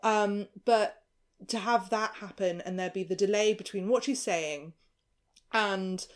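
A woman's voice: mid-range voice, measured pace. A woman hosting a casual podcast chat, talking things through with many restarts. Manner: chatty, thinks aloud with many restarts. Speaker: podcast host.

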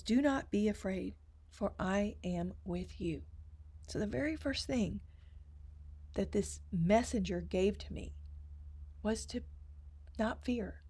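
Woman telling her faith story, earnest and emotional, drops to a hush sometimes. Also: medium pitch, breathy edge. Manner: earnest, tearful storytelling with hushed asides. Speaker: speaker sharing testimony. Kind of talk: personal faith testimony.

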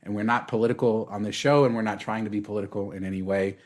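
A man, the podcast host, moving the talk into the episode in a steady, measured way. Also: lowish voice. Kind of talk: show intro.

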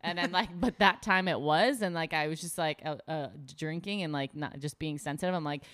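A woman comic tells stories on a casual podcast, bursting into loud acted-out quotes. Her voice sits a little low. The sound is very dry and close. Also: moderate pace, no echo. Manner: animated storytelling with loud acted-out quotes, frequent "like". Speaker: stand-up comic guest.

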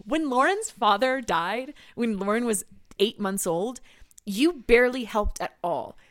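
A woman's voice: fairly high pitch, lively intonation, a little slow, a bit bright, no room sound, studio quality. Woman playing an indignant, preachy husband. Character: protective husband, indignant and self-righteous. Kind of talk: comedy improv of social media comments.

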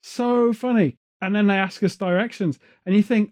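Joking podcast host, high mellow voice. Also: male voice, normal speed, few pauses. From England. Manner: rambling, joking, off on tangents. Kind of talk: casual chat. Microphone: headphones on, studio mic.

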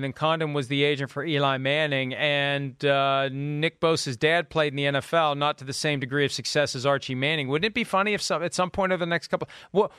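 A man hosting a sports talk show, arguing quick counterpoints and steering the conversation. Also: on the high side, smooth, no room sound, clean studio sound. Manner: quick, lively, interrupts with counterpoints. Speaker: host.

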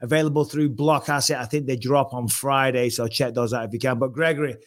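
A male host runs a casual sports talk show with energy and quick jokes. He hops from topic to topic. His voice sits at a middling pitch. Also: steady tone.

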